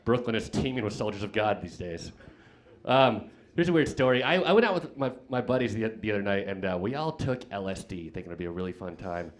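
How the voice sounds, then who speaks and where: A man's voice: lowish voice, animated, fairly quick, slight background noise. A young man doing a stand-up comedy set on stage, telling rambling self-deprecating stories full of restarts and filler words. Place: comedy club stage with live audience.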